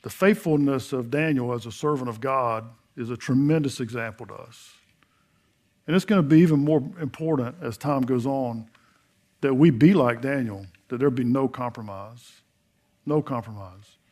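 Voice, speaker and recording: Preaching at medium pitch and a moderate pace, a middle-aged pastor tells a Bible story folksily, acting out the dialogue as he goes. His voice moves between loud emphasis and hushed earnestness.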